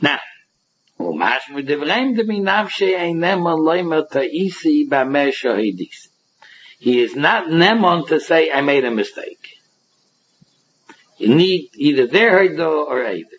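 A man teaches a Talmud lecture in a fairly high, husky voice. He walks through each passage by acting out the claims of both sides. The recording is dull and lo-fi. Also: animated, a little slow.

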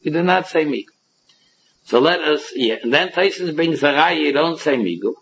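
A man teaches a Talmud lecture in a fairly high, husky voice. He walks through each passage by acting out the claims of both sides. The recording is dull and lo-fi. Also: animated, normal speed, fairly bright tone.

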